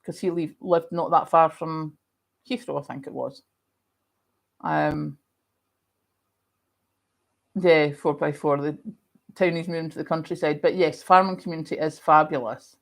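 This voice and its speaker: A middle-aged Scottish woman hosting a casual livestream, chatting and reading viewer comments, telling stories in a chatty, animated way while she has a lingering cough. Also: low-pitched, measured pace, creaky, long pauses. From Scotland. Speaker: livestream host.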